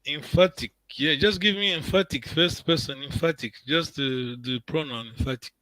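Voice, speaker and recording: A man's voice: fairly high pitch, moderate pace, sharp tone, no room sound, low-quality recording. A man teaching an online language class, patient and encouraging, repeating words and checking in with his students.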